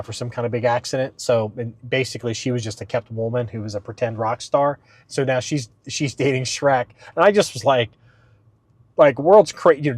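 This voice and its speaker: A male podcast host talking casually on his own, wandering from point to point with lots of "um" and "uh." His voice sits at a middling pitch and is recorded close and dry, with no room sound. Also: darkish tone, no room sound. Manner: rambling, with many fillers and restarts; talks slightly up for the podcast. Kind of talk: casual solo podcast talk.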